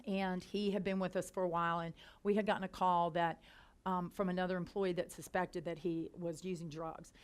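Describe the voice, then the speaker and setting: A middle-aged woman, a company founder and CEO, telling anecdotes to a business audience, chatty with quick restarts and quoted dialogue. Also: fairly low pitch, level tone, clean tone. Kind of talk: storytelling talk to a business audience. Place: lecture hall.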